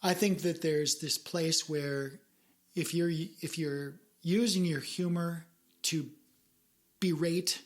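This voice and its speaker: A woman's voice: low-pitched, steady tone, takes it slowly. A woman hosting a podcast, chatting casually in an earnest, rambling way with frequent restarts. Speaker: podcast host. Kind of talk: casual chat.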